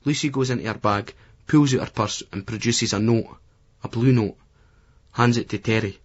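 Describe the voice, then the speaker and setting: A man's voice: mid-range voice, moderate pace, dull audio. A man with a Scottish accent giving gritty, colloquial first-person audiobook narration. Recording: remastered poor-quality audio.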